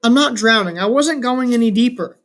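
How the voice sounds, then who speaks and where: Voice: mid-range voice, a little fast, fairly bright tone, voice pushed up, natural voice. A reader voicing a playful, defiant twelve-year-old boy who protests and jokes in a story reading. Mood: protesting. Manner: protesting, joking.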